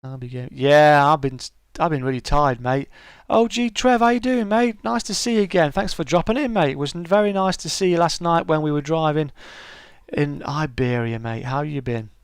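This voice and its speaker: A man's voice: fairly high pitch, expressive, moderate pace, clean tone, dry recording, studio quality. A middle-aged man hosting a casual live-stream chat, greeting viewers by name and calling them mate.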